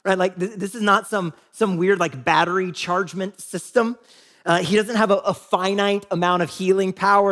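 A man with a fairly high voice preaches a sermon. He keeps it conversational and chatty, checks in with his listeners, and briefly acts out the people he quotes. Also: fairly bright tone. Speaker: pastor.

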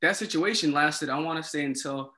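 A man telling a story in casual conversation, animated and acting out the dialogue, with many fillers. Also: a little high, brisk. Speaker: former resident assistant.

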